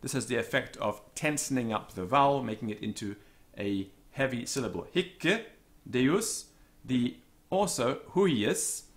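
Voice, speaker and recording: A man teaching Latin vocabulary, slowly pronouncing and repeating each word with careful pronunciation notes. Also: medium pitch. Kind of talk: slow vocabulary lesson with repeated Latin words.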